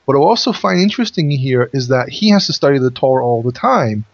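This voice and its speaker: A man's voice: medium pitch, animated, fast talker, no echo. Explaining man, dry dull recording. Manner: explanatory, thinks aloud with restarts. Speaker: host and Bible teacher. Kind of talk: Bible study discussion.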